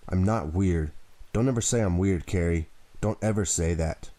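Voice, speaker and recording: A man's voice: low-pitched, moderate pace, warm tone, dry recording, lightly acted. A man reading an audiobook, voicing an unhinged, vicious teenage girl in a taunting, cold manner. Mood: furious.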